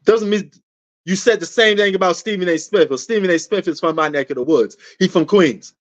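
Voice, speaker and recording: Loud passionate New man. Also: high-pitched, fairly quick. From New York. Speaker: sports talk show host. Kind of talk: livestream sports debate answering chat. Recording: dull lo-fi stream audio.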